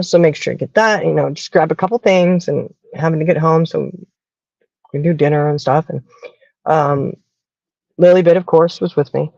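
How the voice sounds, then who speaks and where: A woman's voice: deep voice, creaky, a little mellow, no echo, dull audio. A woman from the American South with a Southern accent, hosting a casual chat and telling stories in a chatty way. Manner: chatty storyteller, acts out quoted voices. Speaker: podcast host.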